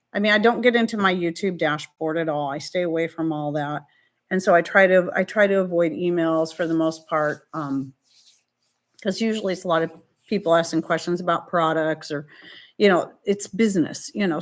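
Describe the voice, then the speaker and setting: A woman's voice: medium pitch, a bit bright. A middle-aged woman hosting a live stream, talking through viewer questions in a heartfelt, faith-filled way, rambling and restarting, fighting back tears. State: emotional, near tears.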